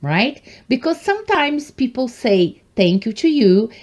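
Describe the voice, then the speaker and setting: A woman teaches English in an online lesson. Her pitch swings widely and she speaks slowly and deliberately. She keeps encouraging her viewers and addresses them as guys. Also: sing-song, a little mellow. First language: Portuguese.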